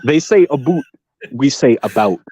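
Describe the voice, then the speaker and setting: A man with a Massachusetts accent, a guest on a casual livestream chat, blunt and profane and quick to laugh. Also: mid-range voice, animated, warm tone. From Massachusetts, United States. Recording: dry, dull lo-fi audio.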